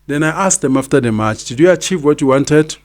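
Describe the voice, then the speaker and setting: A man's voice: fairly high pitch, lively intonation, fairly quick. A South African man in his fifties hosting a podcast, giving opinionated commentary and hammering home his points by repeating them. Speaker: podcast host.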